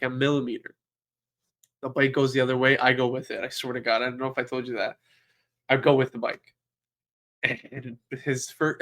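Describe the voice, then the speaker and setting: Animated young man telling stories. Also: medium pitch. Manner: animated storyteller, acts out quotes. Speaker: podcast co-host. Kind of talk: casual chat.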